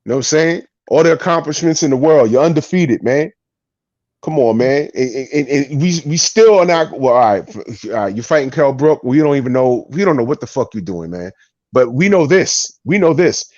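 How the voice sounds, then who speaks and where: Animated ranting man on a dull line. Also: mid-range voice, moderate pace, dry recording. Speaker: boxing show co-host. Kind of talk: heated casual sports debate.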